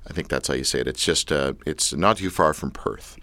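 A man's voice: a bass voice, a little fast, bright, forceful tone, no room sound. A Canadian man hosting a radio show, chatty and telling anecdotes in a casual way. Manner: chatty storyteller, acts out quotes. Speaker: radio host.

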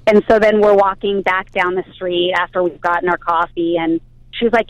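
A woman's voice: on the low side, steady tone, moderate pace, no room sound, low-quality recording. A woman in her forties telling a bubbly story by phone from her car, chatting as a radio guest. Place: car on the road.

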